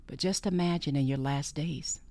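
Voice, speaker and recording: A podcast host giving an earnest faith-based monologue, repeating phrases for emphasis and often sinking into a breathy whisper. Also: mid-range voice, normal speed, a little mellow, no echo.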